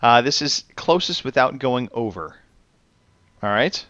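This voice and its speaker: A man hosting a gaming podcast and running a quiz, reading questions slowly and announcing results with enthusiasm. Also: medium pitch, animated, fairly bright tone, dry recording, muffled recording. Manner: upbeat quizmaster, reads questions slowly and clearly. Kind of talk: casual podcast chat.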